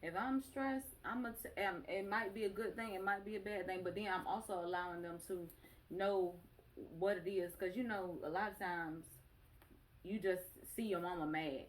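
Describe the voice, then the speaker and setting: A woman's voice: mid-range voice, moderate pace, a little hiss or hum, rough recording. A young adult woman hosting a casual podcast chat, talking candidly about motherhood and acting out her kids' lines. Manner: candid, talks about her kids with lively re-enactments. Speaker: podcast host.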